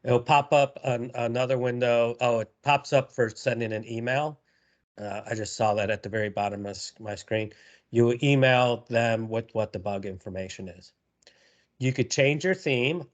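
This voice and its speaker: A man presenting a live software tutorial, talking casually with many fillers and repeated words. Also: medium pitch, moderate pace.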